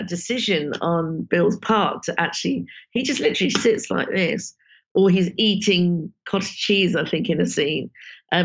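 Gravelly woman director. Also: fairly low pitch. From Britain. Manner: warm, emotional, frequent "you know" fillers. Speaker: film director guest. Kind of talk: casual interview chat. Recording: dull lo-fi sound.

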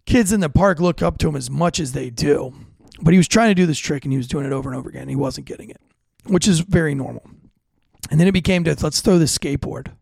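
A man in his thirties hosting a podcast, telling parenting stories in a blunt, profane, animated way. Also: a little high, creaky, no room sound. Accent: American. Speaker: podcast host. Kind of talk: casual monologue.

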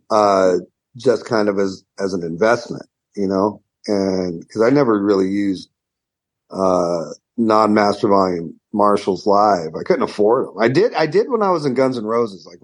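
Low-voiced rambling, swearing rock guitarist. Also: male voice. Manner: rambling, profane, full of "you know" and restarts. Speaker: guest guitarist. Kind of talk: casual storytelling interview.

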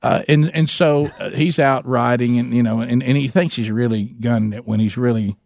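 Gravelly man telling a story. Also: mid-range voice, moderate pace, dry recording. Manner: rambling, animated, with many restarts. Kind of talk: storytelling in casual chat.

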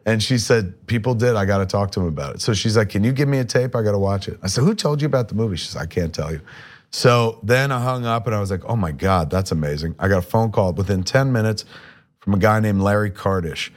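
A middle-aged man with a lowish voice. He rambles through casual anecdotes and acts out other people's lines. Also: fast talker. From New Jersey. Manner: rambling, animated anecdotes with quoted dialogue. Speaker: podcast guest, filmmaker. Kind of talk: casual storytelling.

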